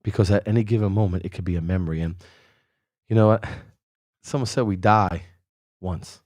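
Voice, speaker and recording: Low-pitched guy hosting a show, telling his own story, super earnest and casual. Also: brisk, a little mellow, no echo, studio quality. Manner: earnest, addresses listener by name; slangy casual speech. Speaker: podcast host. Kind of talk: motivational personal story.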